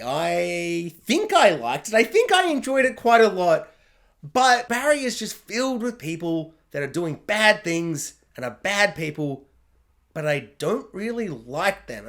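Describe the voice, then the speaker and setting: A man with a high-sitting, a bit bright voice gives a casual spoken TV review. He rambles along, filling his talk with lots of "like".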